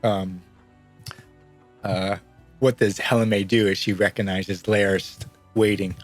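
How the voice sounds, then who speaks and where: A man's voice: on the low side, little pitch movement, slow pace, faint music behind. Laughing, rambling game master guy. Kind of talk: narrating a tabletop game.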